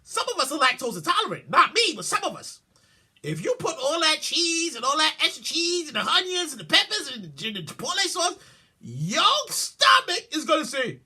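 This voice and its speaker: Animated, bright-voiced woman podcast host. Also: sits high, moderate pace. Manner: loud exclaiming, repeating words, swearing, frequent laughter. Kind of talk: comic commentary on news headlines.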